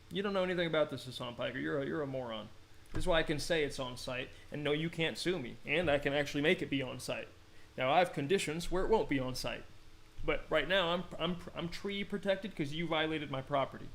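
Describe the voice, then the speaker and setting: A man's voice: mid-range voice, creaky, a bit bright, slight background noise, rough recording. An American man giving a rambling, combative commentary, reading an old treaty aloud and laughing often. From United States. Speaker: online commentator.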